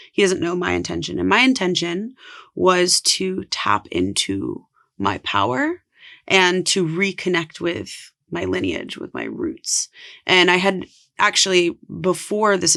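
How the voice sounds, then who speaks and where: An earnest woman tells a personal story as a podcast guest, her voice carrying a gravelly fry at the ends of phrases. She talks casually and leans on "like" as she goes, over a close podcast mic. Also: fairly low pitch, fairly bright tone. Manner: earnest, heavy use of "like". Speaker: podcast guest, spiritual coach.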